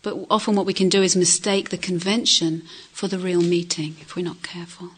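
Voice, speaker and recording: A woman giving a reflective dharma talk as a meditation teacher, asking questions and often dropping to soft near-whispers. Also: fairly low pitch, fairly even intonation, a little fast, slightly rough. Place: retreat centre hall.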